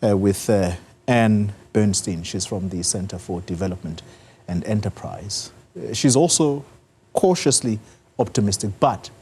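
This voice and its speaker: A man anchoring a news interview, asking probing, measured questions. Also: on the low side, darkish tone, slightly rough. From South Africa.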